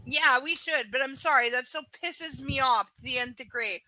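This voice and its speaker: A woman hosting a live reading who rants with heat and constant swearing. Her voice sits high and bright. Blunt and fired up. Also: moderate pace, no room sound, low-quality recording. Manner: heated, profane ranting. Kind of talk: live book reading with commentary.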